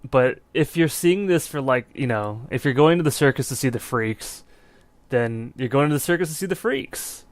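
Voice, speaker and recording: A man co-hosting a film podcast, giving blunt, opinionated views in a relaxed, casual way. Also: medium pitch, normal speed, dry recording. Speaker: podcast co-host.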